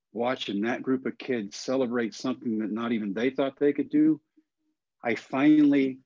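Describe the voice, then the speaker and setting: As a podcast guest, a forties-aged man from Texas spins a long, folksy and animated personal tale, doing voices for its characters. The medium-pitched audio has no echo, and its highs are cut off.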